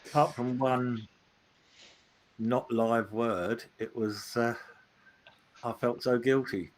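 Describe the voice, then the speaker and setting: A man's voice: medium pitch, steady tone, slow pace. A man on a video chat, talking in an apologetic way. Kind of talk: casual chat on a video call.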